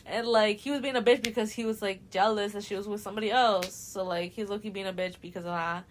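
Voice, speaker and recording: Animated young woman recapping a story. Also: mid-range voice, a little hiss or hum. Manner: animated storytelling, quick voices for characters, laughs often. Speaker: podcast host. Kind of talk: casual book recap chat.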